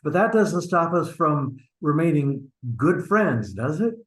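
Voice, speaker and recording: A man's voice: on the high side, very animated, a little slow, rough recording. A man playing a flustered cheating husband. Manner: sheepish and stammering, pressing his friend. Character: flustered middle-aged husband hiding an affair. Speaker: acting student. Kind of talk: online stage scene acting. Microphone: video call.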